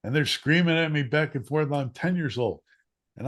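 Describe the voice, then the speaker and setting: A man telling a childhood story in casual conversation, animated and acting out quotes, with occasional coughs. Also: fairly high pitch, moderate pace. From Chicago area. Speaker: guest, former newspaper columnist.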